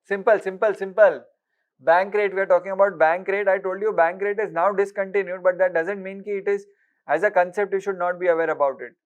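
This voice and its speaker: A man giving an exam-prep lecture, briskly quizzing listeners with repeated rhetorical questions and mixing with Hindi. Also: high-pitched, steady tone. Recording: dull lo-fi recording.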